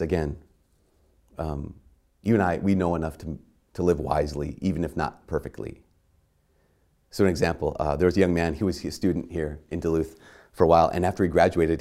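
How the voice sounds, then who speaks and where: A man's voice: low-pitched, steady tone, a little fast, darkish tone. A man giving a sermon in a conversational, self-mocking way, acting out little dialogues. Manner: conversational, self-mocking, acts out quoted voices.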